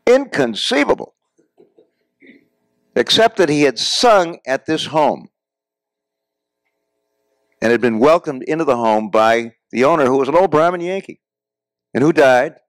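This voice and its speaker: A man's voice: mid-range voice, animated, normal speed, long pauses, no room sound. An older American man telling personal anecdotes to a class, often addressing the audience as folks. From United States. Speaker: guest speaker. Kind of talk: storytelling lecture. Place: classroom or lecture hall.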